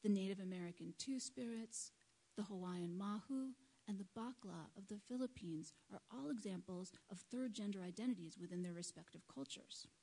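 A woman delivers a prepared talk at a live event, measured and earnest. Her voice sits at an ordinary middle pitch for a woman. She speaks into a microphone at a lectern. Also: creaky, mellow, low-quality recording.

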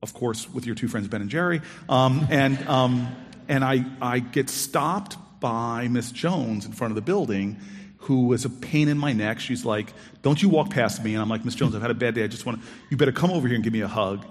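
Male storyteller, mid-pitched, animated and expressive with acted-out dialogue; reverberant hall sound. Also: fairly quick, slight background noise. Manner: animated, acts out quoted dialogue with big pitch jumps. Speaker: storyteller on stage. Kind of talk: personal storytelling talk.

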